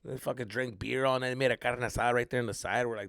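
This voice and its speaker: A man's voice: fast talker, vocal fry, no echo, clean studio sound. A man hosting a comedy podcast, telling a story casually and profanely, with Spanish slang mixed in. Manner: animated, acts out quoted people in high voices.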